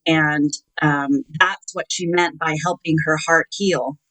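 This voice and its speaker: Measured woman recounting a story, low voice. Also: fairly even intonation, a bit bright, poor audio. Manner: measured, recounting with quoted dialogue and hesitant fillers. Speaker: interview guest. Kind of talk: telling her own story in an interview.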